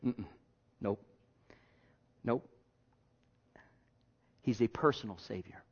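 A male pastor preaching a sermon in a conversational way, repeating himself and jumping from hushed asides to loud bursts. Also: mid-range voice, moderate pace. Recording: dull lo-fi sermon recording.

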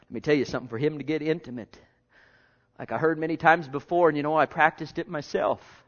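Man preaching with hushed-to-loud swings. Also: fairly high pitch, fairly even intonation, fast. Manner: repetitive, conversational asides. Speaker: pastor. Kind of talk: sermon. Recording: dull lo-fi sermon recording.

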